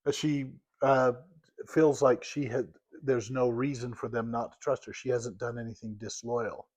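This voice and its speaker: A man's voice: medium pitch, level tone, normal speed, a little mellow. A man co-hosting a podcast, chiming in with laid-back, hesitant commentary on a reality show. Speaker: podcast co-host.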